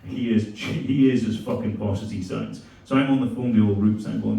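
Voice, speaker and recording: A man's voice: on the low side, a little fast, gravelly, hardly any pauses. Profane comedian in his forties. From Belfast, Northern Ireland. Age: 40s. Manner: crude, animated storytelling. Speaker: stand-up comedian. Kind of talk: stand-up comedy. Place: comedy club stage. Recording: echoey club room, mic from far.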